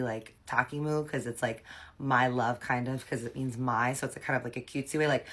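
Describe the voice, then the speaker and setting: A woman vlogger telling a personal story in an animated, dramatic, slangy way. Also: a bass voice. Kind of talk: storytime vlog.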